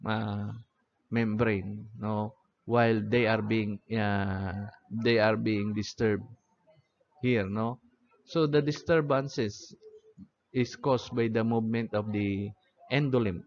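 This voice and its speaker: A man's voice: on the low side, a little hiss or hum. A man teaching an anatomy lecture, often checking in with "okay?" and "no?". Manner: repeats "okay?" and "no?" checking on listeners. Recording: dull lo-fi audio.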